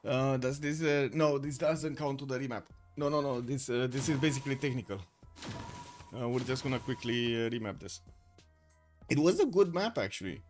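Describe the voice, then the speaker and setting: A man's voice: mid-range voice, moderate pace, darkish tone, faint music behind. A man casting a live strategy game stream in a loose, rambling way, chatting and reading out viewer messages. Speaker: stream caster. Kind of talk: live casual game commentary.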